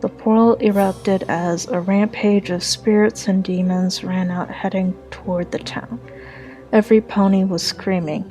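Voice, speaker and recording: A woman narrating a dark first-person pony story in an earnest, slightly halting reading. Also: medium pitch, fairly even intonation, soft background music, rough recording.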